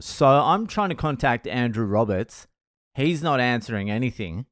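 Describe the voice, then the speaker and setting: A man with a mid-range voice and moderate pace is recorded in studio quality with no echo. As a podcast host, he delivers a long storytelling monologue, animated and profane, breaking into bursts of laughter at himself.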